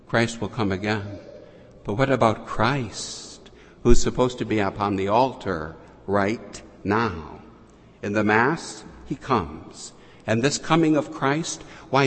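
Male priest, lowish voice, slow measured sermon to children, long church reverb. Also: slightly rough. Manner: slow, deliberate preaching with long pauses.

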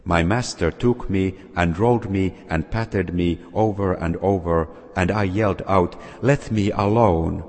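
A man's voice: low voice, unhurried, few pauses, a little mellow. A man voicing a pleading talking teacup. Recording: long hall reverb.

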